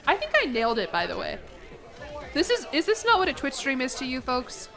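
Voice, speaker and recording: Playful young woman streamer, higher voice. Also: fairly quick, soft background music, rough recording. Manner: playful, joking, self-mocking asides; bursts of animated laughter and pitch jumps. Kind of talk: casual livestream chat while playing a game.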